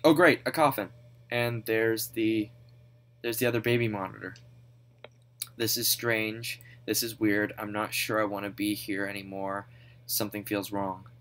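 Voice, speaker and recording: Young woman, horror let's play host; low, slow voice, foul-mouthed, panicky, hissy background noise. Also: fairly even intonation, a bit bright. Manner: panicky, swears a lot, swings from low mutters to high shrieks. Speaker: gaming channel host.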